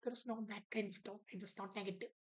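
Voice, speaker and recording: A woman's voice: mid-range voice, fairly even intonation, fast, poor audio. A woman, teaching an online exam prep lesson, repeating key words and acting out an author's attitude.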